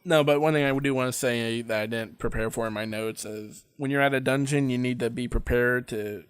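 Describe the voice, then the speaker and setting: A man's voice: mid-range voice, fairly even intonation, fairly quick, smooth, no room sound, studio quality. A man hosting a casual podcast, chatting and teasing his co-host. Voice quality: teasing, joking banter.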